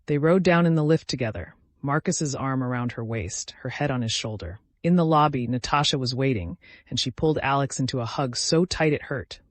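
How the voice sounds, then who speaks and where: A man reading a thriller romance story aloud in a measured, dramatic way. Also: mid-range voice, no echo. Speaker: narrator. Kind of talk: scripted narration of a thriller romance.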